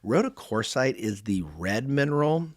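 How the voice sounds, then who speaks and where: A man's voice: mid-range voice, expressive, moderate pace, no echo, clean studio sound. A man in his forties hosting a podcast, chatting casually and enthusiastically while reviewing a toy set. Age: 40s. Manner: chatty, rambling, enthusiastic storyteller. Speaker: podcast host. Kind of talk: casual product review chat.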